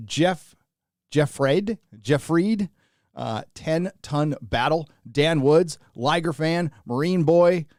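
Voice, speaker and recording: A man's voice: medium pitch, darkish tone, no room sound, clean studio sound. A tired man hosting a livestream, chatting casually and rambling as he reads out viewer names. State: tired, running on little sleep. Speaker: livestream host.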